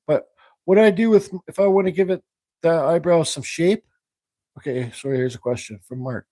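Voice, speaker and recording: Male live-stream carving host, rambling, slightly high mellow voice. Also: normal speed, dry recording. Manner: rambling, thinks aloud while working; reads viewer questions aloud. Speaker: woodcarving livestream host. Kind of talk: casual live demonstration chat.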